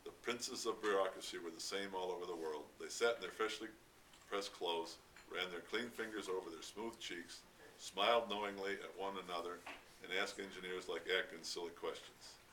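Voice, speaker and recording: A man reading a novel aloud at a library event, steady with occasional stumbles. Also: low-pitched, normal speed. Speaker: reader at a library read-out. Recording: distant mic, faint background noise.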